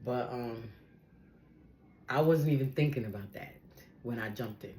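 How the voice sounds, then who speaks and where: A woman telling a personal story in a casual, animated way, acting out the people she quotes. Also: extremely low pitch, measured pace.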